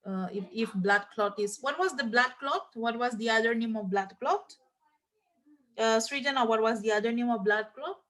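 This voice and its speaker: A woman with a somewhat high voice teaching a class. She spells out terms letter by letter and stops often to quiz her students. Her talk is full of "uh" and "like", and she often repeats herself. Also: normal speed, fairly bright tone. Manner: many fillers like "uh" and "like". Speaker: nursing teacher. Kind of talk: classroom lecture.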